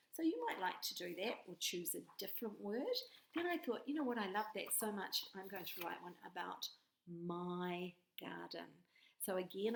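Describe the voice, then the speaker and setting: A woman teacher, leading a patient, clearly spoken lesson for young children with sing-song bursts. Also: lowish voice. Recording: echoey room.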